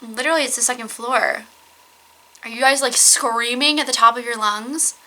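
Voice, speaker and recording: A woman's voice: a little high, steady tone, normal speed, crowd noise, low-quality recording. A young woman reading fan fiction aloud and mocking it with sarcastic, giggly asides full of "like" fillers. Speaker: YouTuber.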